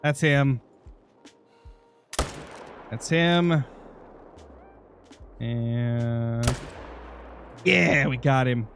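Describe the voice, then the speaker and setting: A man's voice: mid-range voice, extremely slow, gravelly, pauses often, fairly bright tone, a little hiss or hum. A young man streaming a hunting game, chatting casually and answering viewers while nursing a sore, dry throat. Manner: chatty, answering chat messages. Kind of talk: live gaming stream commentary.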